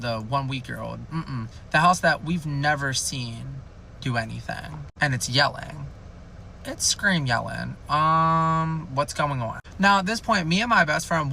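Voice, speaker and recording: A man's voice: on the high side, gravelly, pushed and bright, slight background noise. A young man telling a rambling, jokey storytime in a chatty way. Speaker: storytime youtuber. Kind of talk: casual storytime.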